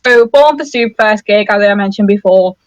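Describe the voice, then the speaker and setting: Young woman from merseyside chatting on a podcast, dry close sound, medium pitch. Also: brisk, dry recording, muffled recording. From Merseyside, England. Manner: chatty, easily amused, many short backchannels. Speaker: podcast co-host. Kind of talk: casual chat.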